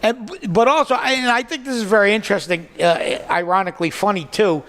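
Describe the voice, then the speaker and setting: A man's voice: sits high, brisk, fairly bright tone. An older man with a Boston accent, hosting a casual comedy chat in a wry, agreeable way. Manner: wry, chatty, agreeable, with frequent "right". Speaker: comedy show host. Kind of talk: casual conversation.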